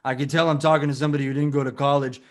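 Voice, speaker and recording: This man's take on an improvised comedy character, a boastful cruise-ship captain in charge of the casino and pining with love, comes out very fast in a level, medium-pitched voice close to his everyday one. He's brash, calls people brother, and drifts into mopey sulks.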